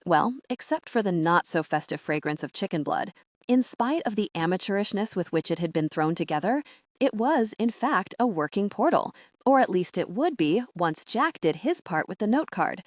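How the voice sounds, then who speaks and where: Woman audiobook narrator, first-person, wry and sardonic, very lively pitch, dry close sound. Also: moderate pace, dry recording. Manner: wry, sardonic teen-voiced storytelling.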